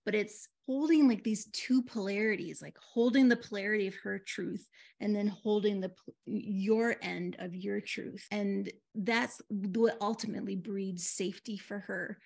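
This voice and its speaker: Gravelly-voiced female relationship coach. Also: medium pitch, steady tone, measured pace, darkish tone. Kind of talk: reflective coaching talk.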